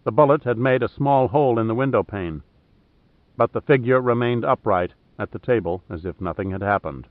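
A man narrating a thriller audiobook in a steady, measured way. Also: medium pitch, no room sound. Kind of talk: scripted narration. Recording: dry, tinny phone-like sound.

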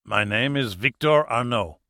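A cold French crime boss sneers through every line with a French accent, put on by a man reading a novel aloud. The voice sits at a middle pitch. The recording is dry and close. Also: lively intonation, unhurried, sharp tone, dry recording. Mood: contemptuous. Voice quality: sneering, mocking.

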